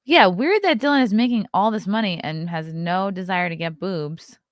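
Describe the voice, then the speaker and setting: A woman from Long Island, with a Long Island accent, hosts a casual morning livestream chat, reading headlines aloud and riffing on them bluntly and sarcastically. Her voice is medium-pitched at normal speed, and the recording is dry with clean studio sound.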